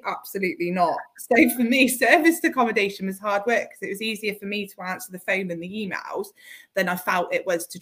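A woman's voice: medium pitch, a bit bright. A woman, a property investor being interviewed, chatty and laughing often as she tells stories. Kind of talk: casual interview chat.

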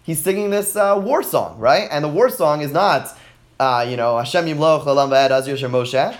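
A man leads a classroom text study with animated energy. He reads verses aloud, translates them and keeps praising his students' answers. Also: fairly high pitch, moderate pace. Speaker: teacher.

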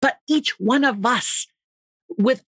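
In a relaxed, lively podcast interview, a middle-aged author from the United States shares stories with warm enthusiasm and plenty of quick asides. Her fairly high voice has a bright, ringing energy, captured close and dry with no surrounding room.

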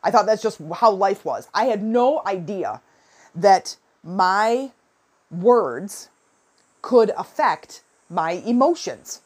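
A woman's voice: mid-range voice, takes it slowly, breathy edge. A woman in her forties giving advice in a casual, chatty talk, with lots of fillers and acted-out quotes. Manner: chatty, animated, many fillers and quoted asides.

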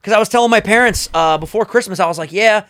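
A young man co-hosting a casual podcast, excitable and profane, with loud bursts when he gets worked up. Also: high voice, quick pace, creaky. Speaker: podcast co-host. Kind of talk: casual chat.

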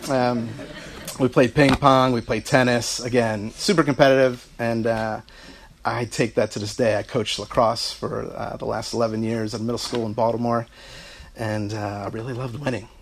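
Brief: middle-aged man, mid-pitched voice, tribute speech, storytelling with light laughter, faint background noise. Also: little pitch movement, moderate pace, gravelly. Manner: storytelling, warm asides, laughing through anecdotes. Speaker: son giving a speech. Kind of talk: heartfelt family tribute speech.

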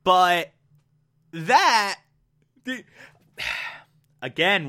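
Excitable high-voiced man gushing. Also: very slow, smooth. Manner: excitable, gushing, repeats words for emphasis, acts out quotes. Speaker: TV episode reviewer. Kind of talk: enthusiastic episode recap.

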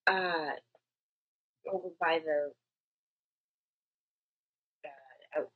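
A woman's voice: sits low, steady tone, drawn-out words, phone-quality sound. A woman playing a tabletop game, chatting casually and restarting often. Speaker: player. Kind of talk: tabletop role-play.

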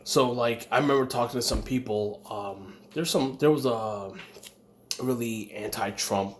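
A man's voice: medium pitch, a little slow, slight background noise. Blunt, profane man telling stories. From United States. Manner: blunt, profane storytelling with acted quotes. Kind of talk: casual chat.

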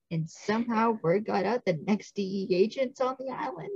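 A woman's voice: medium pitch, normal speed, creaky, few pauses, breathy edge, dry recording, dull audio. A woman co-hosting a casual podcast, recapping a TV episode and acting out the characters' lines. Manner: animated, acts out characters' lines. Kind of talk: casual chat.

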